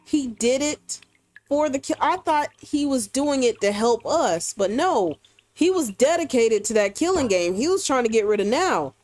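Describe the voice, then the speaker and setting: A woman's voice: high voice, expressive, normal speed, darkish tone, no echo, faint music behind. A woman hosting a let's play, reacting emotionally and exclaiming as she comments on the story. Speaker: gameplay video host.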